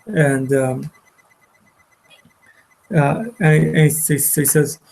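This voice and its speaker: A man teaching a class, retelling a story in a halting way with many repeated words and restarts. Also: a little high, fairly even intonation, gravelly, darkish tone, poor audio. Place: study hall.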